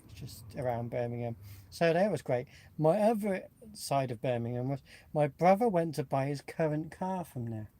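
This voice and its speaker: A man's voice: on the high side, animated, moderate pace, warm tone. A man from Nottingham co-hosting a live online chat, talking in a rambling, easygoing way and laughing often. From England (Nottingham). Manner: chatty, rambling, laughs easily. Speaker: co-host. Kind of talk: casual livestream chat.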